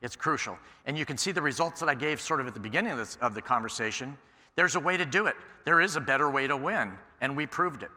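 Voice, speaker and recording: A man giving a conference keynote, telling stories in an animated way and acting out the dialogue. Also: mid-range voice, quick pace. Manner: animated storyteller, acts out quoted exchanges. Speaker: keynote speaker. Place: large conference hall. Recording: echoey hall sound.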